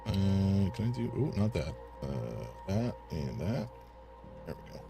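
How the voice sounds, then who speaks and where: A man's voice: low voice, big pitch swings, unhurried, creaky, music in the background. A man casually commenting while streaming a game, with chatty, playful asides.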